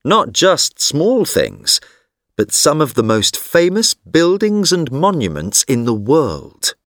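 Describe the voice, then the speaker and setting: A man giving scripted narration for a textbook listening exercise, reading slowly, clearly and expressively into a studio microphone. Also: a little high, huge pitch swings, a bit bright, no echo.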